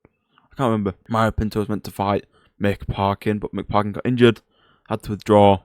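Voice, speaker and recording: A man's voice: lowish voice, level tone, brisk, a little mellow, clear, resonant tone, no room sound, clean studio sound. A young man with a rambling, chatty manner, giving casual fight predictions on a vlog and questioning himself aloud. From Britain. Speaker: MMA YouTuber.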